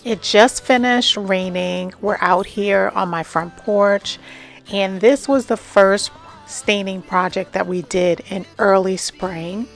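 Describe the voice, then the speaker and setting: A woman hosting a home and garden vlog, talking casually and enthusiastically while showing her porch outdoors. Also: medium pitch. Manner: enthusiastic, chatty with fillers.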